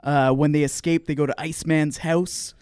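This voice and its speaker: A man's voice: a little high, level tone, normal speed, a little mellow, clean tone, no echo, clean studio sound. A man in his late twenties, a podcast co-host, telling rambling anecdotes with lots of laughter in casual chat.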